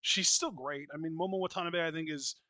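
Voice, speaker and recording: A wrestling podcast co-host with a sharp, bright, fairly high voice talks briskly in an unscripted, casual chat. Outspoken and profane, he frequently restarts and circles back as his thoughts form, and the dry, close recording has no room sound.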